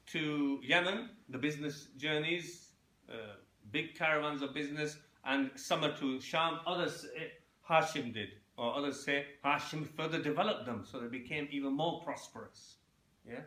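A man gives a loose, unscripted history lecture in a bright, fairly high voice. He halts often, repeats words and keeps asking his listeners if they follow. The room around him rings with echo. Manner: halting, repeats words and fillers; checks in with listeners, asking "yeah?". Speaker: Islamic history teacher. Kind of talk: informal lecture on lineage.

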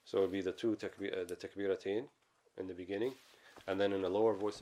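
Male teacher, deep voice, brisk delivery, reads Arabic then explains. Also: steady tone, a little mellow. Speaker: Islamic teacher. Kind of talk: explaining a classical text.

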